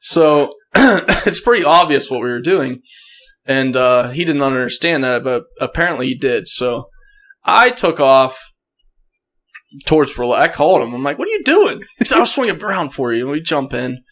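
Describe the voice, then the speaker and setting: At normal speed and medium pitch, a young man on a podcast as a guest shares a lively, easygoing hunting story. Laughter and throat-clearing come up often as he talks.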